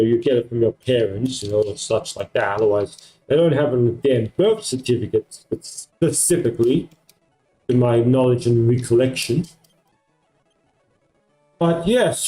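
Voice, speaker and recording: Heard through poor audio, this Australian man with an American-sounding accent has a fairly high, mellow voice. Streaming live from home at night, he chats in a casual, rambling way full of filler words.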